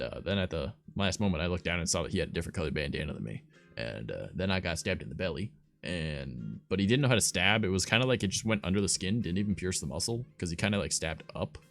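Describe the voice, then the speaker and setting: A man's voice: deep voice, a bit bright. A young man hosting a livestream, telling stories in a rambling, profane, filler-heavy casual way. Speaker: streamer host.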